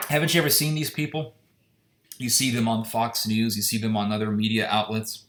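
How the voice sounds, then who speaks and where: A man's voice: mid-range voice, fairly quick, bright, forceful tone. A man giving an impassioned, indignant solo opinion monologue, firing off rhetorical questions. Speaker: commentator. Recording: echoey room.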